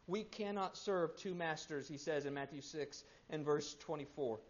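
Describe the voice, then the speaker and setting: A pastor in his thirties preaching a sermon, swinging between loud emphasis and hushed, quiet stretches. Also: on the high side, normal speed. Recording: muffled lo-fi sermon recording.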